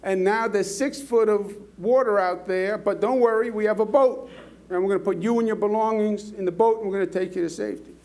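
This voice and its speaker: A man's voice: high-pitched, fairly even intonation, fairly quick, darkish tone. A man voicing county officials who urge a farmer to safety, urgent and reassuring. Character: pleading group of county rescue officials.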